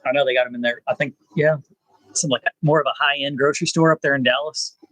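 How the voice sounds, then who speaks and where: A man, hosting a rambling live chat with viewers, pausing often with "uh". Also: medium pitch, fairly even intonation, a bit bright, no room sound, poor audio. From South Texas. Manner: laid-back, rambling, frequent "uh" pauses. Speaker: channel host.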